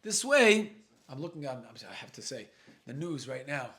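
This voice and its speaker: In a relaxed Talmud session before a live audience, a male rabbi speaks at normal speed with a medium, fairly bright voice that swings widely in pitch. He reads short bits of Aramaic, unpacks them in conversational English, muses aloud, and kids around with his class.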